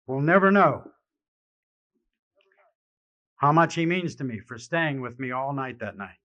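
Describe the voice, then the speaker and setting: Wry, halting man on a dull archival recording. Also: mid-range voice, animated. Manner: wry and self-mocking, turning halting and emotional with many restarts. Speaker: speaker sharing his recovery story. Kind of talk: live personal testimony speech. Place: convention hall.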